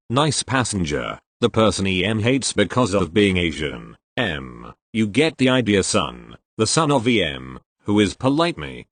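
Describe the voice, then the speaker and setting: Guy with a lowish voice narrating reddit posts, bouncy delivery, dry close sound. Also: no room sound. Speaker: reader of online posts. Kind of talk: scripted narration.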